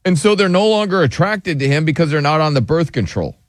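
A slightly high-voiced man hosts a casual podcast, joking loosely as he reads comments aloud. His voice sounds dry and close, with no room echo. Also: lively intonation, fast. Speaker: podcast host.

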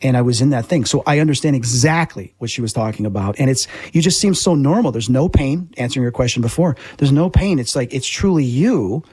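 A man hosting a talk show, telling his own story in an animated, eager way. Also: mid-range voice, brisk, few pauses, husky, no room sound. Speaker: host. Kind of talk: conversational chat.

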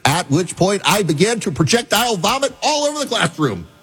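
Middle-aged male host, husky voice, wry emphatic monologue. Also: sits high, very animated, a little fast, a bit bright. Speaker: talk radio host. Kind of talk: talk show monologue.

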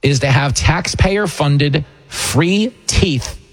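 A man hosting a talk show, ranting with sarcastic, animated, mocking political commentary. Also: on the high side, very slow. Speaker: radio host and comedian.

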